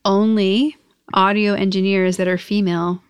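Chatty young woman, smooth clear voice. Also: medium pitch, level tone, normal speed, no echo. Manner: chatty, lots of "like" fillers. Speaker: podcast host and company owner. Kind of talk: casual chat.

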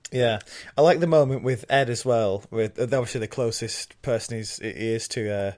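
A man on a podcast recapping TV scenes in casual chat, excited and quick to laugh. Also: mid-range voice. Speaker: podcast co-host. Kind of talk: casual chat reviewing a TV episode.

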